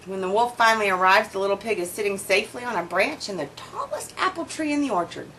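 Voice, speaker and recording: A woman reading a children's story aloud to her child, expressive and stopping to point out the pictures. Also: mid-range voice, fast talker, a little hiss or hum, poor audio. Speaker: storyteller and mother.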